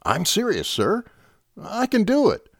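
A man's voice: medium pitch, wildly swooping pitch, measured pace, no echo, clean studio sound, pitched above the performer's own voice. A man voicing an eager young army lieutenant, earnest and stammering over his plan.

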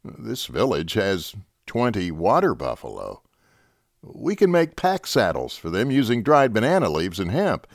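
A man's voice: lowish voice, huge pitch swings, unhurried, no echo, clean studio sound, full character voice. A man voicing an eager young army lieutenant, earnest and stammering over his plan.

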